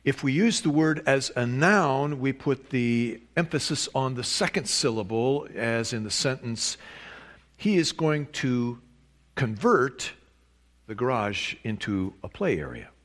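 A man's voice: medium pitch, lively intonation, a little slow, fairly bright tone. A man preaching a sermon, reading a long quotation and stressing key words with emphatic rises. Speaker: pastor.

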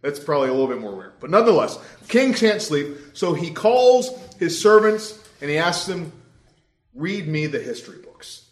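A man's voice: on the high side, sing-song, normal speed, few pauses. A young adult man preaching a sermon in a conversational, wry storytelling way. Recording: roomy echo.

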